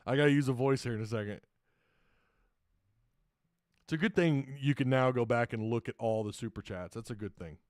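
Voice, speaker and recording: A man's voice: mid-range voice, brisk, pauses often, no echo, clean studio sound. A man hosting a casual sports talk livestream, rambling and chuckling often, reading viewer comments and sponsor plugs. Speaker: sports talk show host.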